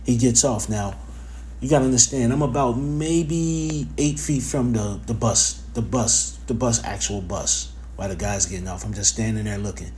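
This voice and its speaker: A man delivers a casual religious lesson in an easygoing, profane way, with plenty of fillers. His pitch sits in the middle range for a man. A faint background ambience lingers under his voice. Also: normal speed, darkish tone, slight background noise. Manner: informal, profane, conversational, with many fillers and repeated phrases. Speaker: religious teacher giving a lesson.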